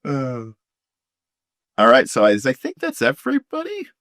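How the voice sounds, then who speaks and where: A man's voice: medium pitch, huge pitch swings, normal speed, a bit bright, dry recording, studio quality. A man running a tabletop game, explaining rules in a rambling way with many fillers and restarts. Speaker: game master. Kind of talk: casual tabletop game chat.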